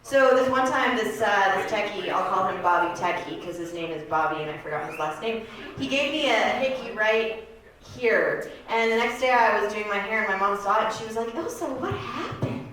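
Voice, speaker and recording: A woman of thirty doing a stand-up comedy set on a club stage, rambling and deadpan, with plenty of filler words. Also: medium pitch, brisk. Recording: echoey club room from far off.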